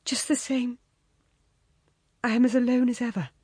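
A woman's voice: fairly high pitch, fairly even intonation, normal speed, a little mellow, no echo, studio quality, voice pushed up. A woman reading as a lonely, guarded woman. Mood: quiet. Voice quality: husky, breathy. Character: lonely, guarded woman meeting an old lover.

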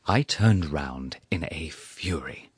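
A man narrating a story aloud with dry, ironic, measured storytelling, recorded on a close studio mic. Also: a bass voice, expressive, breathy edge, no echo. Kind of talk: scripted audiobook narration.

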